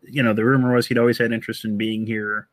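Guy talking fast about coaches, lots of you-knows, dry close mic. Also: fairly low pitch, level tone, no room sound. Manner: quick, thinking aloud with many "you know"s. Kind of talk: casual sports chat.

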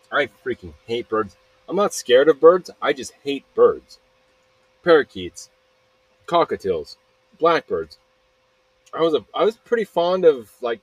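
A man's voice: mid-range voice, husky, no echo, poor audio. A man hosting a solo podcast, rambling and swearing, often cutting himself off mid-sentence, recorded outdoors. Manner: rambling, profane, self-interrupting. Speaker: podcast host.

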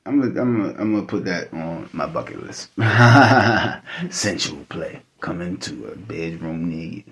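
A man's voice: low voice, expressive, a little slow, fairly bright tone. A man hosting a podcast in casual chat, joking, laughing often and swearing freely. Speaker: podcast host.

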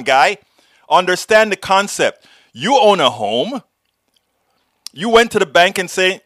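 A man with a Texan accent hosting a live political talk show, greeting viewers and lecturing them in an animated, folksy, jokey way. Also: fairly high pitch, no echo, studio quality. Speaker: host.

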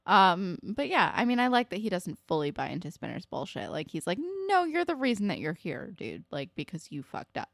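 A young woman co-hosting a casual recap podcast, animated and peppered with "like" and swearing. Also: fairly low pitch, fairly quick, creaky, few pauses, no room sound, studio quality. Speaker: podcast co-host.

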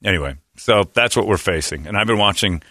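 Bright, lively-voiced male radio host. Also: on the low side, fairly quick, dry recording, clean studio sound. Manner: wisecracking, laughs often, slips into mock voices. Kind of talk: joking morning radio banter. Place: radio studio. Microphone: studio microphone.

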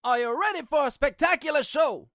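A man putting on an over-the-top hype announcer voice in a shrill falsetto to introduce a radio show. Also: fairly quick, no echo, clean studio sound. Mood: hyped. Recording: loud hip hop music behind.

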